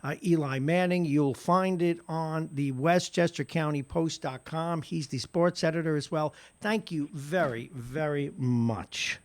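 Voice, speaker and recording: An older man hosting a morning radio show, talking in an animated, rambling way. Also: fairly high pitch, measured pace, few pauses. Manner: animated, rambling, repeats words. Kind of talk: casual radio talk. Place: radio studio.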